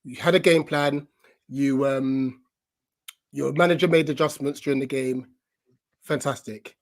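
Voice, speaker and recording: Exasperated fan ranting. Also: male voice, medium pitch, steady tone, a little slow. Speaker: guest fan pundit. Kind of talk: live football fan panel chat. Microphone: home video call.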